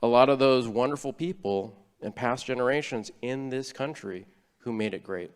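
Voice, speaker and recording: A man's voice: mid-range voice, moderate pace, clear, resonant tone, in a large hall. A man preaching a sermon as a church elder, in an earnest, conversational way with frequent restarts. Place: church sanctuary.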